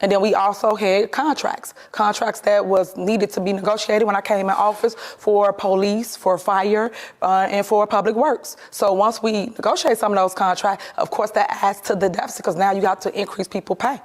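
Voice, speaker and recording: A woman's voice: medium pitch, steady tone, normal speed, few pauses. A woman, a mayor, answering interview questions in an assertive, defensive way, repeating her points firmly.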